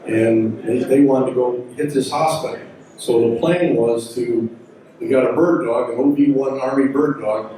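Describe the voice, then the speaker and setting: A man's voice: medium pitch, steady tone, normal speed, dark tone, slight background noise. An older man, a veteran pilot, telling war stories to an audience in a folksy, rambling way, often backing up to add details. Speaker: symposium speaker, veteran helicopter pilot. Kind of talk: storytelling talk to an audience. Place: large hall. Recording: echoey hall recording from far off.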